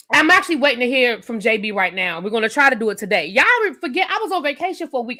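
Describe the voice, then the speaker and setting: Woman streamer, young adult, chatty and animated, high bright voice. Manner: chatty, animated, talks straight to chat viewers. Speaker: YouTube reviewer hosting a live stream. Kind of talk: casual live-stream chat.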